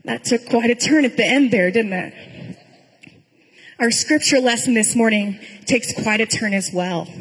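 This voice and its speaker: A pastor giving a sermon in a conversational storytelling way, with dry humor. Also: female voice, mid-range voice, husky, big-room sound, rough recording.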